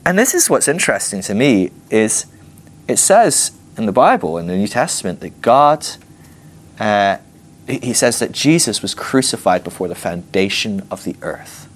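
Guy teaching bible class, super animated and jokey, voice jumps all over. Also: lowish voice, moderate pace. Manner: animated, playful, acts out scenes.

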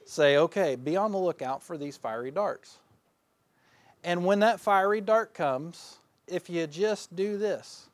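Man, pastor, folksy self-mocking sermon delivery, slightly high voice, dry close sound. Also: slow pace, dry recording. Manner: folksy, self-deprecating, laughs often; swings between loud bursts and quiet asides.

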